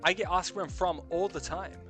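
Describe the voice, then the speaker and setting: A man's voice: sits high, a little fast, a bit bright, faint music behind. Rambling man with a light New Zealand accent. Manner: rambling, swearing, self-correcting. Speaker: streamer. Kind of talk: casual chat.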